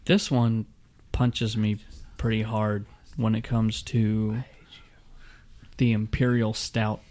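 A man's voice: on the low side, little pitch movement, slow, darkish tone. A man co-hosting a casual beer-tasting podcast, describing flavors and keeping the conversation moving in a wry, easygoing way. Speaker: podcast co-host.

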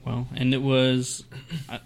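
A man's voice: mid-range voice, completely flat delivery, slow pace, creaky. A man co-hosting a casual beer-tasting podcast, thoughtful and hedging, often restarting his sentences. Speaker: podcast co-host.

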